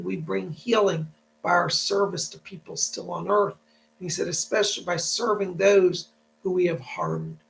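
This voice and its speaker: A man's voice: high-pitched, vocal fry, a bit bright, slight background noise, poor audio. A man working as a psychic medium, hosting a live stream. He chats with viewers, thanks them for donations and passes on spirit messages in a reassuring tone.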